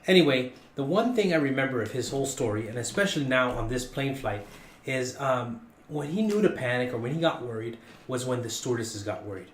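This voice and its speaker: A man telling a long story on a podcast in a casual, animated, jokey way. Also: brisk, reverberant. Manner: animated, jokey, rising in pitch for punchlines.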